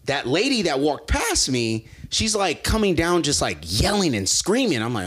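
Animated laughing man telling stories. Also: on the high side, moderate pace, few pauses, husky. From Los Angeles area. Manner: animated, laughs often, acts out voices in stories. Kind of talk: casual storytelling chat.

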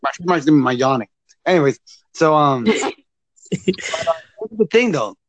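A man hosting his podcast in casual chat, relaxed and rambling, chuckling as he talks. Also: on the high side, a little slow, dry recording. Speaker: podcast host.

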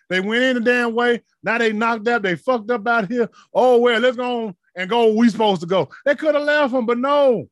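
A man preaching with fervor, his voice sitting unusually high and rising into shouted peaks before falling to murmured asides. The sound is close and dry, with no room around it. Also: no room sound. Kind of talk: sermon.

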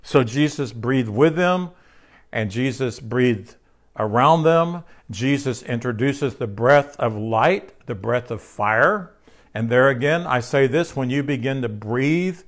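A man preaching a sermon in a conversational way, asking his listeners questions and repeating key phrases. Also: mid-range voice. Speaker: pastor.

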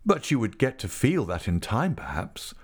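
A man voicing an insistent, hot-tempered gentleman suitor who questions forcefully. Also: mid-range voice, huge pitch swings, normal speed.

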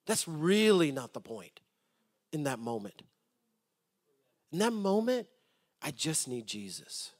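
A man's voice: fairly high pitch, very animated, slow pace, long pauses. Impassioned man preaching a sermon. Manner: swings from loud appeals to soft, hushed storytelling; repeats words when starting a thought. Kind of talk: sermon with storytelling.

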